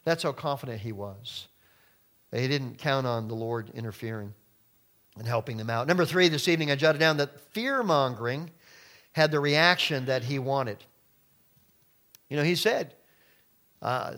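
A man's voice: mid-range voice, moderate pace, pauses often, fairly bright tone. A man preaching a sermon in numbered points, acting out quoted voices along the way. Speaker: pastor.

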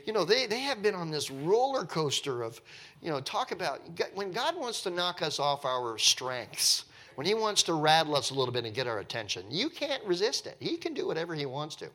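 A man's voice: a little high, very animated, a little fast, bright, forceful tone. A man leading a Bible study, telling the story with enthusiasm and acting out the quotes. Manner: acts out quotes and laughs often.

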